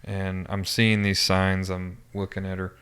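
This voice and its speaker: Male podcast guest, low voice, monotone, halting recollection with restarts. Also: smooth. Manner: halting, with frequent restarts and fillers. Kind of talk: personal recollection in an interview.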